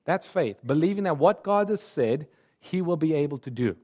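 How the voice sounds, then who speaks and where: A man preaching a sermon in an earnest, emphatic way, slowing down and rising in pitch on key words. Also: expressive, a little mellow.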